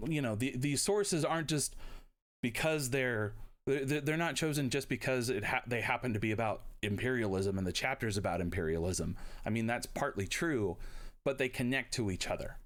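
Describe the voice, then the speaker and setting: A man teaching history in a casual video lecture, blunt and irreverent, talking loosely with lots of fillers and asides. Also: mid-range voice.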